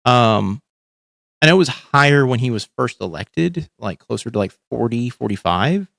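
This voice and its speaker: A man's voice: medium pitch, expressive, moderate pace, gravelly, a bit bright, dry recording. Male livestream host, mid-range voice, dry close sound, swears a lot and rambles with many fillers. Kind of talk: casual political chat.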